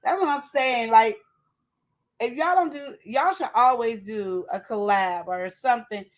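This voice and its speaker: A woman co-hosting a relationship talk show, telling stories in a lively way and acting out quotes and sound effects. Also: a little high, unhurried. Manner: animated storytelling, acts out quotes and sound effects. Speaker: podcast co-host. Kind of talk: casual chat.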